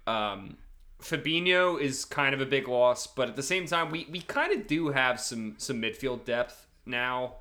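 A man's voice: mid-range voice, expressive, measured pace, bright, forceful tone. A man co-hosting a casual football podcast, rambling through his picks with many restarts and fillers. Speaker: podcast co-host, Liverpool supporter.

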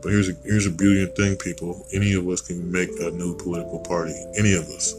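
Very deep-voiced rambling American man. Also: level tone, fast, over music, low-quality recording. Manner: rambling, digressive and blunt, with casual swearing. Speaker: podcast host. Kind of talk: casual opinion monologue.

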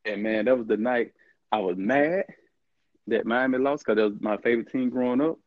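Animated storyteller man, dull sound. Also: medium pitch, a little fast, dry recording. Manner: animated storyteller, laughs often, acts out quoted dialogue. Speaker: interview guest, former college football player. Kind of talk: casual storytelling.

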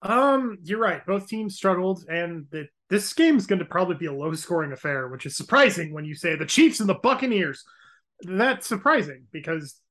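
A man co-hosting a casual sports-betting chat who hedges and stumbles over his openings while he thinks out loud. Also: high-pitched, big pitch swings, moderate pace. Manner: hedging, stammers at starts, thinks aloud. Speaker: podcast co-host.

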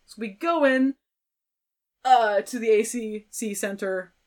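A young woman, a violinist guest on a podcast, telling a story in a casual, animated way and acting out other people's voices. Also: on the high side, slow pace.

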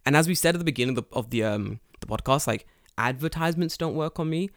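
A man's voice: on the high side, quick pace, no room sound, studio quality. A man co-hosting a podcast, ranting casually and swearing a lot. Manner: profane, animated ranting. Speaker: podcast co-host.

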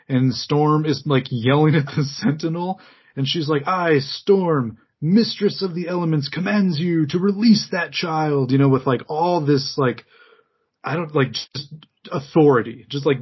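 A man's voice: on the high side, slightly rough, highs cut off. A man co-hosting a podcast in casual chat about a cartoon, rambling with many likes and laughs. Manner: rambling, laughing, filler-heavy. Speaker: podcast co-host.

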